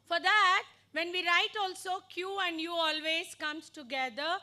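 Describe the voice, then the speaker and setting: A woman training teachers in phonics, modeling letter sounds slowly and deliberately. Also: extremely high pitch, sharp tone.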